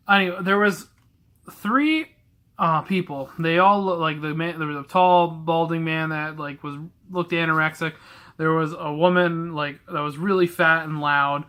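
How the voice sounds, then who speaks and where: Bright-voiced young man telling blunt stories. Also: fairly high pitch. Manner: blunt, candid and rambling. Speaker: vlogger telling stories about a past retail job. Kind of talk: casual storytelling to camera.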